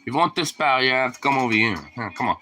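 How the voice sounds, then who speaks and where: A man's voice: medium pitch, fast talker, bright, forceful tone, slight background noise. A young man casually filming his dog and teasing it in playful baby talk.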